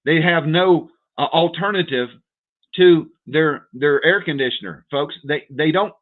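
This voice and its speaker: Man, livestream host, urgent and repetitive, higher-pitched voice, tinny phone-quality sound. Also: a little slow. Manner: urgent, repetitive, keeps calling viewers "folks". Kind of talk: direct-to-viewer livestream rant.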